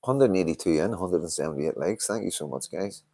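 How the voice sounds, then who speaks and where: A man's voice: deep voice, expressive, brisk, creaky, dark tone, breathy edge. An older man hosting a casual live stream, reading out viewer comments, swearing often and sounding tired. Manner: swears a lot, tired and yawning. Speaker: livestream host.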